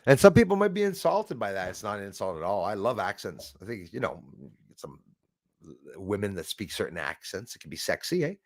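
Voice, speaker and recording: A man's voice: fairly low pitch, very animated, a little fast, dry recording, clean studio sound. A man from Montreal, hosting a live stream and casually thanking his viewers as he signs off, switching between French and English. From Montreal, Canada.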